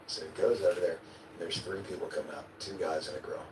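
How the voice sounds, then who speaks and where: A man in an interview speaks fast in a low-pitched voice with fairly even intonation, casually telling a vivid tale. He performs his own quotes, sometimes cursing or chuckling, and the replayed clip sounds distant, echoey and noisy.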